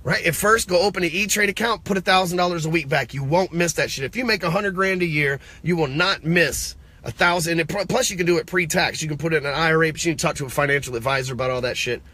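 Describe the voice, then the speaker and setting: Man, business coach, casual rant, profane, rhetorical questions, bright tense tone. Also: fairly high pitch, quick pace, few pauses, husky, no room sound. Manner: blunt and profane, talks straight to the viewer. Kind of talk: casual motivational rant to camera.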